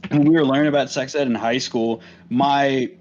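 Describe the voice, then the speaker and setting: A man's voice: mid-range voice, fairly even intonation, moderate pace, a little mellow. A young man co-hosting a podcast, telling crude stories in casual chat and swearing often. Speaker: podcast co-host. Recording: muffled lo-fi mic.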